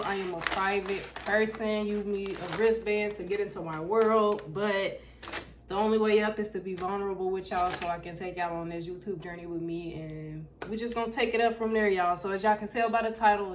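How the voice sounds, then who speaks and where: Young woman hosting a casual storytime vlog at home, lively and foul-mouthed, recorded with clear background noise. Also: mid-range voice. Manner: loud, animated, profane chatter. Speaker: YouTuber. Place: home room with backlight. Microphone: camera in front of her.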